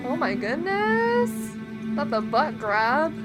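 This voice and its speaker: A woman with a very high, lively voice gives casual let's-play commentary, excitable and prone to swearing. Her talk is slow and drawn out, and game music plays clearly behind her. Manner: excitable, swearing, gasping reactions. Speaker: gaming streamer.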